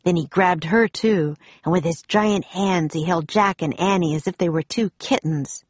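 A woman reading a children's adventure story aloud in a calm, steady manner. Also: on the low side, normal speed, slightly rough, no echo, clean studio sound.

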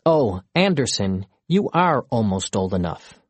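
A man reading the lines of a kind, gently teasing mother in a children's storybook. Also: fairly low pitch, very animated, measured pace, husky, no echo, exaggerated voice. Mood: gentle.

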